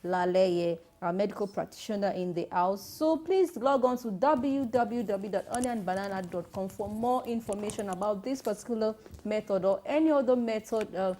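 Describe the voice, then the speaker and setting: A woman's voice: mid-range voice, dark tone. A woman radio host with a Nigerian accent, wrapping up a call-in show with announcements. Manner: brisk, announcing.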